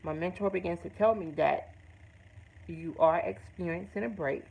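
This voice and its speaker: A woman's voice: lowish voice, moderate pace, creaky, breathy edge, muffled recording. A woman hosting her own show, telling a personal story in an earnest, emphatic way with blunt, salty language. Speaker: host. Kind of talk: personal testimony to camera.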